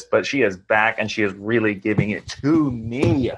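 A man's voice: medium pitch, brisk, highs cut off, a little hiss or hum. A man talking as a guest on a casual podcast chat, chatty and full of restarts and fillers. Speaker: guest, fitness instructor.

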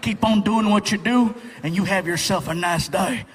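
A man playing a gruff veteran male highway cop in a stand-up bit, with a low, calm drawl. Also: moderate pace, in a large hall. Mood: amused.

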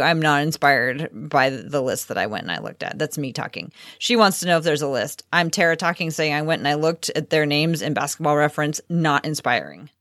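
A woman with a lowish voice co-hosts a casual sports podcast and reads listener questions in an upbeat way. Her voice sounds dry and close. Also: a bit bright, dry recording. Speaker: podcast co-host.

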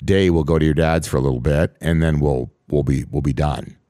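A man's voice: rumbling low, steady tone, fairly quick, dark tone, dry recording, studio quality. A middle-aged man co-hosting a podcast, talking casually with many restarts and reassuring interjections. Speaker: podcast co-host. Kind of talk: casual chat.

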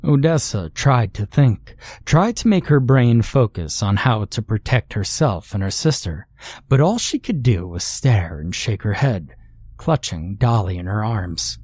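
A man narrating a horror story in a slow, measured, dramatic storytelling style. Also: on the low side, a little mellow, no echo.

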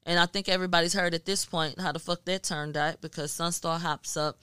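A woman from Houston tells her story on a podcast, swearing freely and acting out what people said. Her voice sits a little low, yet it comes across bright and clean. The sound is dry and close, with no room around it. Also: a little fast, clean tone, no room sound. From Houston, Texas. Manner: profane, animated storytelling with acted-out quotes. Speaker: guest media journalist. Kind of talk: casual podcast chat.

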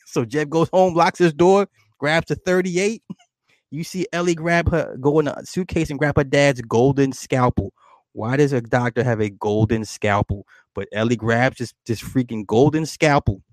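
At normal speed and with no echo, a man of medium pitch gives a casual rundown of a movie's plot. Animated and quick to laugh, he voices the characters' lines himself, drops casual swearing and often turns to the listener with "right?".

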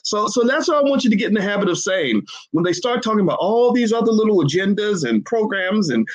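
A man's voice: sits high, lively intonation, fast, rough recording. A man giving emphatic livestream commentary to his chat, hammering points with repeated rhetorical questions. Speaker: finance commentator.

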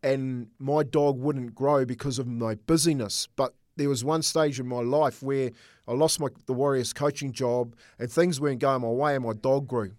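A man's voice: medium pitch, steady tone, moderate pace, a little mellow, dry recording. Earnest middle-aged man, dry close mic. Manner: earnest, storytelling, repeats words while thinking. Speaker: former rugby league coach, co-host. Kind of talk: casual sports chat.

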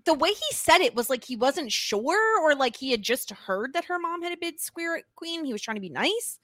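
A woman with a somewhat high voice talks through a TV episode in casual chat, slipping into quoted character lines. Her voice sounds dry and close, with no room in it. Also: moderate pace, no room sound. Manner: animated, acts out characters' lines while retelling. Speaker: podcast co-host.

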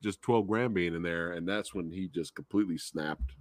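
A man's voice: low voice, normal speed, a little hiss or hum. A man, a podcast guest, chatting casually about a series, agreeing often and laughing easily. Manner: agreeable, lots of short yeahs, laughs easily. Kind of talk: casual review chat.

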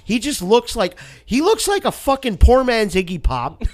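A man's voice: extremely high pitch, sing-song, normal speed, darkish tone. A man hosting a casual chat about music, blunt and profane in his opinions.

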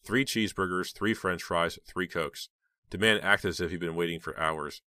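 A man narrating a horror novel as an audiobook in a steady, even storytelling manner. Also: sits low, normal speed, dry recording, clean studio sound.

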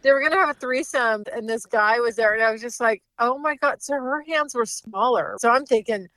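A woman co-hosting a podcast talks frankly in a slightly high voice, giggling and drawing out her exclamations. The sound is dry and close-miked. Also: brisk, fairly bright tone, no room sound. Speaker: podcast co-host. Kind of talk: candid casual chat.

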